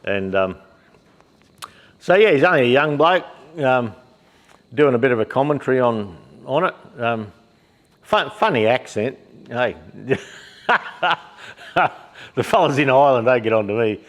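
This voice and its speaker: A man's voice: mid-range voice, expressive, measured pace, long pauses. A middle-aged Australian man, a shop owner, chatting casually to camera in his workshop shed, rambling and blokey with plenty of fillers and the odd swear word. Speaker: shop owner and YouTube host.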